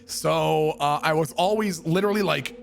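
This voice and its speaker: A man from Canada telling a comic story in an animated, profane way, acting out the voices in it. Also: a little high, normal speed, vocal fry, faint music behind. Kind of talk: comedic storytelling.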